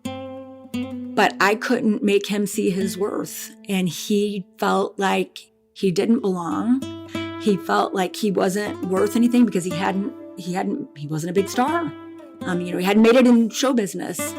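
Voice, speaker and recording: Halting, emotional middle-aged woman. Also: mid-range voice, music in the background. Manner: halting and emotional, with restarts and repetition. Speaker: bereaved mother guest. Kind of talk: personal storytelling in a podcast interview.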